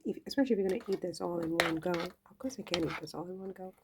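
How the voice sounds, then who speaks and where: A woman's voice: fairly low pitch, racing, noisy background. Chatty, playful woman cooking at home. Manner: chatty and playful, trailing off and laughing at her own jokes. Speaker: cooking vlogger. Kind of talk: casual cooking chat to camera. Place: home kitchen.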